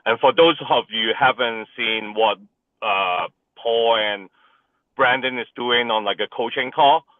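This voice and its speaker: A man's voice: mid-range voice, measured pace, no room sound. A real estate agent sharing his weekly update on a group call, hesitant with many fillers. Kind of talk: casual update. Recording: tinny phone-like call line.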